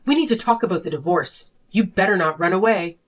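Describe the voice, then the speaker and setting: A woman's voice: on the low side, a little fast, lightly acted. A woman playing a fed-up, accusing wife. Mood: confrontational. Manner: sharp, accusing, confrontational. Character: fed-up wife and mother demanding divorce. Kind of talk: animated story voice acting.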